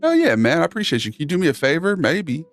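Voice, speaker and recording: A man's voice: fairly high pitch, wildly swooping pitch, quick pace, soft background music. A man hosting a live stream, chatting casually with his chat in a laid-back, sarcastic, slangy way. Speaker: livestream host reading chat.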